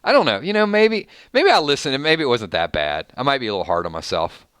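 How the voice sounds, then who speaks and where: Chatty Southern man reading shout-outs. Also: medium pitch, very animated, fast talker, smooth, dry recording, studio quality. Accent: Southern American. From Georgia, US. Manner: chatty, reads viewer names, rambling restarts. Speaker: streamer host. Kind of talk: casual live-stream chat.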